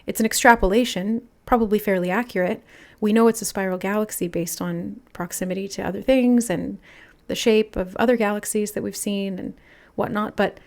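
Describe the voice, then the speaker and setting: Soft-spoken woman giving a tarot reading. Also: medium pitch, steady tone, fairly quick, few pauses. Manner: musing, soft-spoken, channeling aloud. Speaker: tarot reader. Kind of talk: intuitive spiritual reading.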